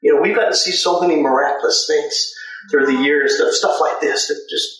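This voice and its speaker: Middle-aged guy rambling through stories, lots of "and uh", slightly high voice, sounds far off in a big echoey room. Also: a little fast, a bit bright. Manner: rambling anecdotes with frequent "and, uh" fillers. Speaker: guest telling stories about sports mascot work. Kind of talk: casual spoken storytelling. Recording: very echoey room, mic at a distance.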